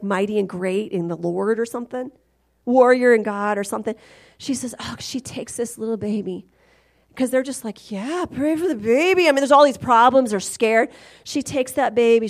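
Middle-aged woman preacher, slightly high voice, animated storytelling sermon. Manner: animated storytelling, swings loud and high at climaxes. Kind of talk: testimony sermon.

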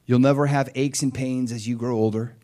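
A middle-aged man preaching a sermon, retelling scripture with lively, animated storytelling and acted-out voices. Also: medium pitch, brisk. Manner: animated storytelling, acts out voices of biblical figures. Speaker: pastor.

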